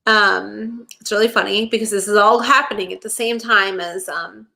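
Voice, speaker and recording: A young woman co-hosting a podcast, chatting casually about a TV episode and acting out the characters' lines in quick quotes. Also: mid-range voice, steady tone, gravelly, pushed and bright. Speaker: podcast co-host. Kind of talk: casual chat recapping a TV episode.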